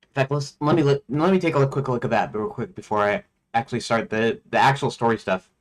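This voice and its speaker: An indie game developer livestreams his work, speaking fast in a medium-pitched voice. He talks casually, thinking aloud, rambling, and talking to himself as he goes.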